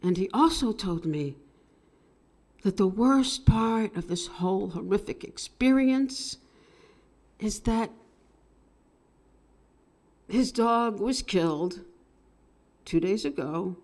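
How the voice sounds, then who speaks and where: A woman telling a personal story at an open mic, swinging between hushed and loud with strong emotion. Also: mid-range voice, animated, takes it slowly, long pauses. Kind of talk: live dramatic storytelling.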